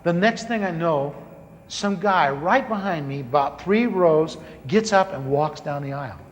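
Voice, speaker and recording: A man telling a comic story from the pulpit, acting out the dialogue in a lively way. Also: a little high, measured pace. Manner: animated, comic, acts out dialogue. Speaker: preacher telling his conversion story. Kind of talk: storytelling sermon. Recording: large hall reverb, faint ambience.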